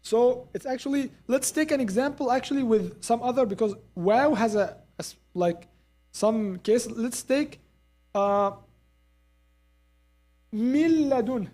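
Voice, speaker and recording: A Quran recitation teacher leads a live class at a mosque, slowly repeating example sounds and checking in with the students. The voice is medium in pitch with a darkish tone.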